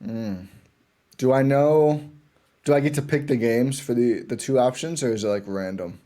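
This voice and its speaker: Man, podcast guest, warm mellow tone, rambling enthusiastic sports chat. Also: medium pitch, normal speed. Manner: enthusiastic fan, rambling with restarts.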